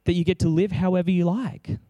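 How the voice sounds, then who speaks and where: A man's voice: high-pitched, steady tone, brisk, warm tone, dry recording, muffled recording. A man preaching an impassioned sermon, exclaiming and acting out prayers as he speaks.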